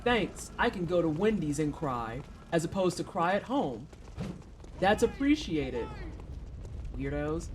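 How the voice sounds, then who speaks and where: Sarcastic, lively woman streamer. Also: low voice, unhurried, a little hiss or hum. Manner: sarcastic, chatty, laughs often. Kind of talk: live-stream gameplay commentary, reading chat.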